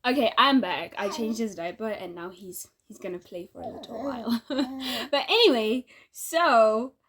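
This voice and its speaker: A woman vlogging in a relaxed, opinionated way, speaking directly to her audience. Her voice sits a little on the high side. She laughs often between her points. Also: unhurried, breathy edge. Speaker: vlogger and podcaster. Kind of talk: casual direct-to-camera monologue.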